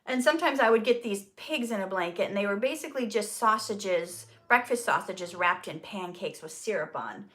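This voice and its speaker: A woman's voice: mid-range voice, expressive, normal speed, few pauses, a bit bright. A woman hosting a casual Q&A livestream, chatty and upbeat, laughing easily as she reads out questions. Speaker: host and actress.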